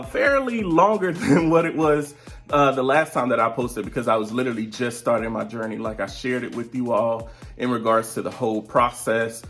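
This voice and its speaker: A man's voice: mid-range voice, a bit bright. A man in his thirties talking casually to his viewers from home, chatty, drifting off topic and laughing often mid-sentence. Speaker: vlogger and virtual teacher. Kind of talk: casual vlog update. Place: at home, seated.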